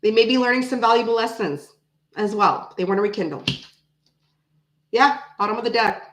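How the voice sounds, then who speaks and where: A woman with a slightly high voice speaks at a moderate pace, her rough recording echoing in the room. Doing a casual tarot reading to the camera, she thinks aloud and repeats her phrases as she pulls cards.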